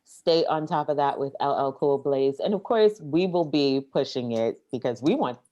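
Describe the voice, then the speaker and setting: A Caribbean American woman with a low voice co-hosts a relaxed podcast chat. She jokes easily but presses her advice home with emphatic repetition. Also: normal speed, highs cut off. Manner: playful, giving emphatic advice. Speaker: podcast co-host.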